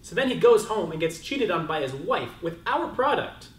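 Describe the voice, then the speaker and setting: Brief: exasperated executive, lively rising voice, echoey office. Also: male voice, high voice, normal speed. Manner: incredulous, building to a punchline. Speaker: company executive. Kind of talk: comedy sketch acting.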